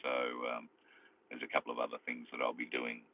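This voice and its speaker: A deep-voiced Australian man rambles through a casual live chat, dotting his talk with fillers. He is speaking from his car while driving. His voice comes through a phone, thin and tinny like an old AM radio. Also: completely flat delivery, a little fast, gravelly, slight background noise. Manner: rambling, chatty, many fillers. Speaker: live streamer. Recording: tinny phone-like sound over phone.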